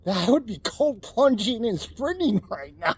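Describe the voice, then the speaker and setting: A man's voice: extremely high pitch, very animated, measured pace, slightly rough, no room sound. An older man chatting casually in his vlog, chuckling often as he rambles from a cold plunge tub outdoors. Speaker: vlogger.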